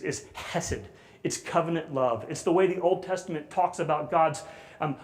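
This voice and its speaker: A man preaching a sermon in a conversational way, building loud and high on repeated phrases and dropping soft on quiet lines. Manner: conversational with fillers. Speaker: guest preacher.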